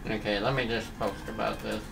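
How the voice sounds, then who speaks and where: Against background noise, a gravelly, lowish male voice talks fairly quickly in a steady tone. He's streaming a video game, laid-back and chatting casually, cracking jokes to his chat in loose let's-play commentary.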